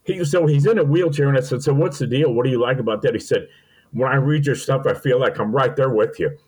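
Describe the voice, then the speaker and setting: Older male podcast guest, folksy and sentimental storyteller, mid-pitched. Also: fast, darkish tone, breathy edge, poor audio. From Missouri. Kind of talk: storytelling interview.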